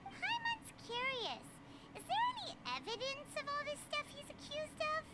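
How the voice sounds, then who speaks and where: Teeny fairy companion voice, super high pitched, chirpy and nosy, game character. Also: female voice, sing-song, normal speed, very noisy. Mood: curious. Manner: chirpy, talks about herself by name. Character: tiny curious floating fairy companion, female. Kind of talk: video game voice acting.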